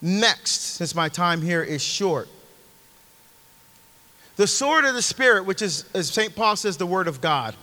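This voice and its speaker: Middle-aged guy preaching, bright high voice, echoey church hall, punchy and direct. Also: expressive, a little slow, pauses often. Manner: emphatic, direct, talks straight to the audience. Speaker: Catholic preacher. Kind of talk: conversational sermon. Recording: long hall reverb.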